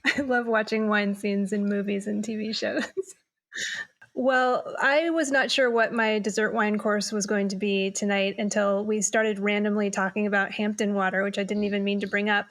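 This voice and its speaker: A woman's voice: medium pitch, flat delivery, moderate pace, a bit bright. A woman hosting a podcast panel, chatting casually and telling stories with enthusiasm. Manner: enthusiastic, storytelling. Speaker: podcast host.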